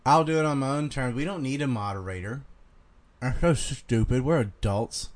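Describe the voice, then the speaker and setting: A man's voice: mid-range voice, normal speed. A man with a Carolina Southern accent, hosting a casual livestream and ranting bluntly with plenty of profanity. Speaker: podcast host reading donations.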